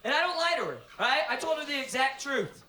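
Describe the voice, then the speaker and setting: A man's voice: very high-pitched, sing-song, brisk. Brash, profane stand-up comedian man. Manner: brash, profane, loud storytelling. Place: live comedy venue. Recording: echoey live room from far off. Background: audience laughter.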